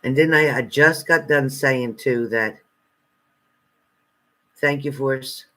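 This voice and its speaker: A man hosts a live stream as a spiritual reader and talks straight back to the people in his chat. He is blunt and confrontational, flaring into loud outbursts and then dropping to low, muttered asides. His voice sits at an everyday middle pitch. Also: takes it slowly. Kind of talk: casual live-stream chat, reading out viewer comments.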